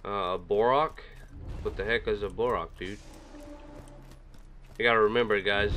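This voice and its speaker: Low-voiced man chatting over gameplay. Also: a bit bright, a little hiss or hum. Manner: chatty, rambling, talks to himself. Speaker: gaming video creator. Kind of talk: casual gameplay commentary. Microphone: desk microphone set a little far away. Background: game music.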